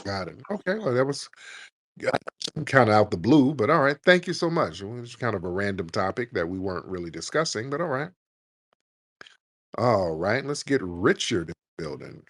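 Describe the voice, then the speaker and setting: A man's voice: fairly low pitch, big pitch swings, normal speed, pauses often, dry recording. Blunt, mocking man hosting a call-in show. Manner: blunt, mocking, brushes off callers. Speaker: host.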